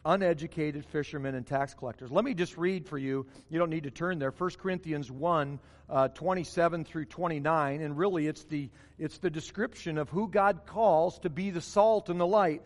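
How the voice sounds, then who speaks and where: A male pastor delivers a sermon with emphatic repetition, driving his points home. His voice sits high for a man, and it rings out with a long reverb from the church sanctuary around him. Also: moderate pace, hardly any pauses. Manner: emphatic, repeats key phrases for stress.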